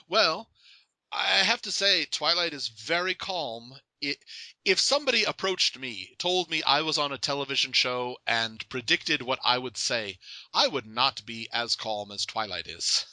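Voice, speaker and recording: A man's voice: mid-range voice, lively intonation, a little slow, pushed and bright, dry recording. A young man hosting a casual interview, joking and laughing often. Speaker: podcast host.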